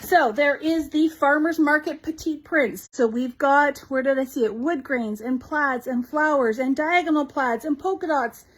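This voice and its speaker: A woman with a Canadian accent hosting a live shop showcase of new craft supplies, bubbly and gushing, with quick asides to her viewers. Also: high voice, low-quality recording. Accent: Canadian English. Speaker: shop host showing new craft products. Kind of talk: live product showcase chat.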